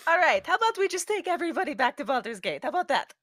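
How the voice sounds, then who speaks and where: Offhand woman player, high voice. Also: big pitch swings, rapid-fire, fairly bright tone, no room sound, clean studio sound. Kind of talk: casual game chat.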